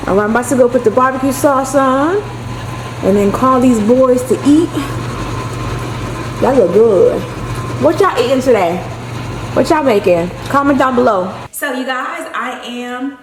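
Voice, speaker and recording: A woman's voice: high-pitched, lively intonation, echoey room, distant mic, background noise. Chatty woman vlogging in her kitchen. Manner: chatty, savoring food with drawn-out hums. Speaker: lifestyle vlogger. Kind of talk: casual chat to camera while cooking. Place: home kitchen.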